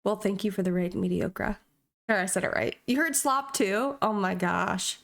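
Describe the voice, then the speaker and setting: A woman's voice: mid-range voice, normal speed, creaky, fairly bright tone. A young woman streaming a video game, chatting casually in a playful, self-mocking way. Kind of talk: casual live-stream chat.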